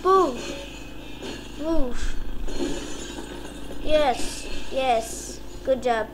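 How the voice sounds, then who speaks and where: A woman commentating on her own gameplay, excitable, cheering and shrieking at what happens on screen. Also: sits high, drawn-out words, long pauses, background noise. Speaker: gaming commentator. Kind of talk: let's play commentary.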